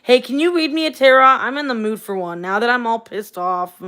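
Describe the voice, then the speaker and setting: A woman's voice: on the high side, animated, a little fast, sharp tone, clean tone. A woman ranting angrily and swearing on a late-night livestream, tired and venting, talking to a phone or webcam at home. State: tired, up at four in the morning.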